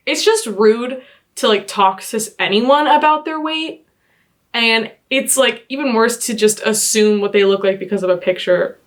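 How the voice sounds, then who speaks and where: A young woman vlogger reading posts aloud and reacting in an exasperated, animated way, full of "like" fillers. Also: on the high side, normal speed.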